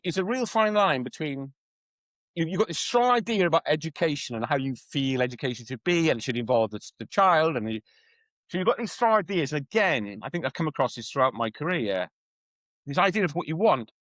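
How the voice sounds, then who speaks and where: Animated storytelling man, lively pitch. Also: no room sound, rough recording. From Wales. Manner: animated storyteller, acts out quoted voices. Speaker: guest, educator and coach. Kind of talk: conversational podcast interview.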